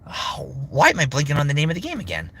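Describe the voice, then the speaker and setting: Lively young man chatting on stream. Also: on the high side, fast, creaky, breathy edge. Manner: lively, swears casually, drops into character voices between answers; rambling with many fillers and restarts. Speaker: voice actor hosting a live stream. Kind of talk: casual live-stream chat answering viewers.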